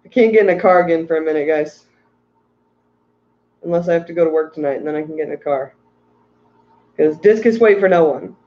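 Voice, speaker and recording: A man's voice: a little high, brisk, long pauses, highs cut off. A tired man hosting a casual livestream about aquarium fish, rambling and ranting while reading out chat messages. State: tired from little sleep.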